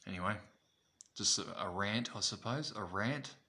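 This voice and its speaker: A man's voice: fairly low pitch, normal speed, sharp tone. An Australian man ranting to camera in a vlog, blunt and heavy with swearing and repetition. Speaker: vlogger.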